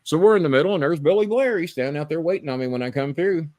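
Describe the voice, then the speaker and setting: A man with a highish voice speaks rapid-fire in a dry recording. Hosting a live podcast, he tells long stories in a casual, animated way that's profane and rambling.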